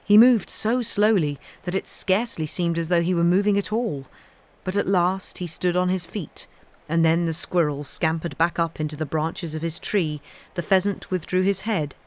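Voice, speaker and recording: A woman reading a classic children's novel aloud in a steady storytelling voice. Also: fairly low pitch. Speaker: reader.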